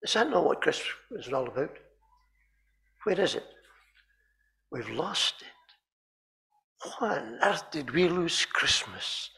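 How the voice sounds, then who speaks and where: A man preaching a sermon in a chapel, telling stories animatedly and often repeating words and clearing his throat. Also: fairly high pitch, sing-song, takes it slowly, long pauses, sharp tone.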